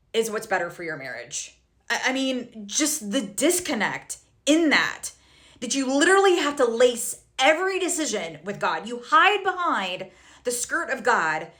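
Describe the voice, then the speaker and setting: A woman's voice: a little high, sharp tone. A woman telling a personal story to her social media followers, frank and heated, with many fillers and self-corrections. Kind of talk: candid personal storytelling to camera.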